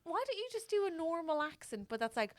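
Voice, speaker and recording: A young woman co-hosting a comedy podcast, teasing her partner with dry remarks. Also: fast talker. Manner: teasing, dry, lively pitch. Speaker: podcast co-host. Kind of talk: comedic chat.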